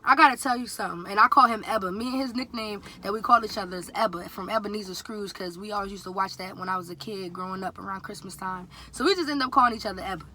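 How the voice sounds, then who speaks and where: A young woman in her twenties telling a casual storytime vlog, chatty and animated, slipping into a higher voice when quoting her dad. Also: fast talker, hardly any pauses. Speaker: vlogger.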